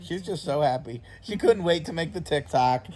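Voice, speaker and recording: A man hosting a casual reaction chat, excitable and profane, often laughing and breaking into shouts. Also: fairly high pitch, normal speed. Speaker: host of a toy and wrestling channel.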